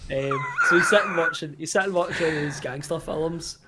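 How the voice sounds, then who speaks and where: A man's voice: on the high side, moderate pace, heavy background noise. A Scottish man co-hosting a podcast, animatedly retelling film scenes in casual chat and swearing freely. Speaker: podcast co-host.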